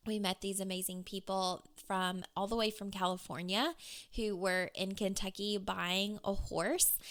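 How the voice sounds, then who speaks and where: A woman's voice: mid-range voice, a bit bright. A woman in her thirties hosting her own podcast, chatting in a bubbly, gushing way and talking straight to her listeners. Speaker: podcast host. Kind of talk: casual solo podcast chat.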